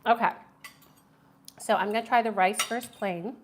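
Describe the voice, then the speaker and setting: A woman's voice: fairly high pitch, steady tone, normal speed, a little hiss or hum. Chatty woman hosting a food stream. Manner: chatty, enthusiastic, reads viewer comments aloud. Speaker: food review host. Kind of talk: casual live-stream food review.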